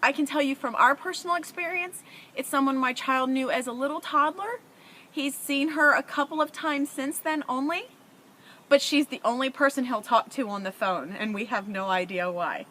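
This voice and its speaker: Talking straight to her viewers, this middle-aged parent vlogger shares heartfelt parenting advice, conversational yet emotional and earnest. She has a high, sharp voice at a moderate pace, and there's slight background noise.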